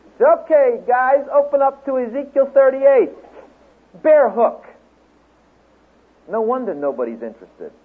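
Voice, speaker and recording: A man speaking at a Bible teaching seminar, telling a story and then lecturing to a class in an animated way, acting out the quotes. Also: very high-pitched, a little slow, long pauses, husky. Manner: animated storyteller, acts out quotes, laughs along. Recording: tinny phone-like lo-fi recording.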